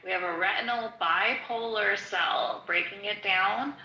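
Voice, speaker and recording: A woman's voice: medium pitch, measured pace, sharp tone, roomy sound, lo-fi sound. A middle-aged woman walking through a neuroscience textbook in a chatty, digressive way, full of "like" and "um". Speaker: study-along teacher. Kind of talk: casual textbook walkthrough.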